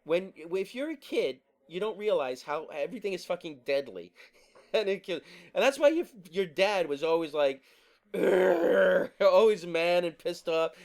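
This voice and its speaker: Profane, high-voiced ranting man. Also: expressive, measured pace, gravelly, darkish tone. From New Jersey. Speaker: podcast host. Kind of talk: casual ranting monologue.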